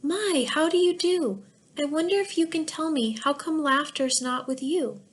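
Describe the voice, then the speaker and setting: A cheerful male jester from a children's storybook, read by a woman. The delivery is bright and coaxing and sits a touch high, with a lilting, rhyming rhythm. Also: moderate pace, lightly acted. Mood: gentle. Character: cheerful jester on a quest to find laughter, male.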